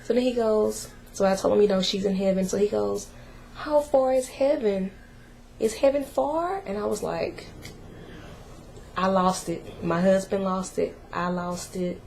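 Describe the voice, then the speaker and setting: A mother giving a family update in a casual vlog, speaking softly and emotionally in a halting way, with many pauses and fillers. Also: mid-range voice, level tone, vocal fry, slight background noise. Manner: soft and emotional, holding back tears.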